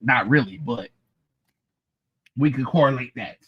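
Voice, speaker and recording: A man's voice: mid-range voice, unhurried, slightly rough, lo-fi sound. A man live-streaming a comic book reading, making sarcastic, dismissive, rambling asides while his allergies give him a runny nose.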